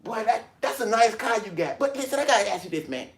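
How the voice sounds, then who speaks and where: A man's voice: high-pitched, lively intonation, quick pace, voice pushed up. A wheedling male beggar, put on by a man, pleads for spare change in a raised, strained voice. He keeps pressing and repeating himself, insistent and hard to shake off. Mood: pleading.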